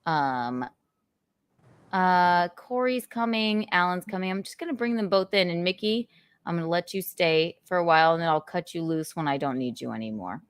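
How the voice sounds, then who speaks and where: A woman hosting a casual chat show, talking in an animated, rambling, joking way. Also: fairly low pitch, moderate pace, smooth, no room sound. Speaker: livestream host.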